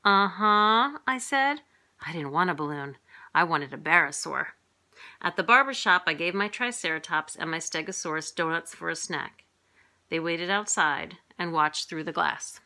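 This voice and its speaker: A middle-aged woman reading a picture book aloud to young children in a lively way, jumping up in pitch for the characters' lines. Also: normal speed. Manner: lively, voices characters with big pitch jumps.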